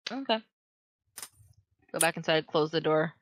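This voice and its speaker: A woman playing a tabletop game, talking in a hesitant, halting way with fillers. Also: deep voice, a little hiss or hum. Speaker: player. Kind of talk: casual tabletop game chat. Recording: dry, dull lo-fi audio.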